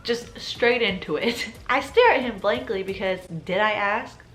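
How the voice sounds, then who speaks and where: A woman's voice: medium pitch, measured pace, fairly bright tone, soft background music. A twenty-year-old woman telling a story on her vlog in a casual, sarcastic way. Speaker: YouTuber.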